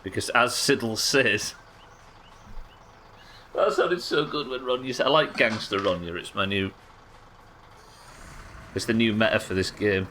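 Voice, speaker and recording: Speaking at a measured pace and pausing often, a man with a lowish, sharp voice comments casually on his game during a live stream. A little hiss or hum sits under his chatty, joking talk, which is full of free swearing.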